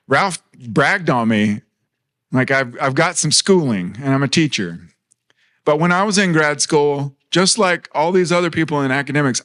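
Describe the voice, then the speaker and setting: A man's voice: fairly high pitch, fairly bright tone. A man in his thirties preaching a sermon in a church, earnest and conversational, mixing personal stories with light humor.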